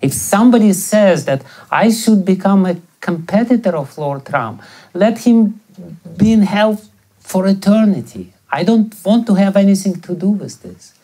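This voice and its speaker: A man's voice: on the high side, animated, takes it slowly, long pauses, darkish tone, full character voice. A man voicing an anguished young prince who passionately pleads his loyalty. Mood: pleading. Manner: impassioned, pleading.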